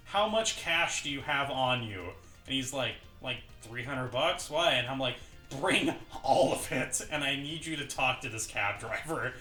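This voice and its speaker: A man's voice: mid-range voice, pushed and bright, roomy sound. A man hosting a gaming show, telling a story in a casual chat, swearing freely and laughing as he goes.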